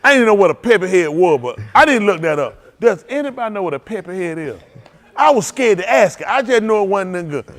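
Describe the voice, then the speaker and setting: Lively animated preacher man. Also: sits high, fast talker. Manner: animated folksy storytelling with frequent laughter; repeats and restarts phrases, acts out quotes. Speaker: pastor. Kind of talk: storytelling sermon.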